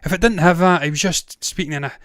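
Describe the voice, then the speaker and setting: A Scottish man with a Glaswegian accent hosts a movie news show, ranting casually with blunt swearing and frequent digressions. His voice sits on the high side and moves fast, with a fairly bright tone. The studio recording is clean and has no echo.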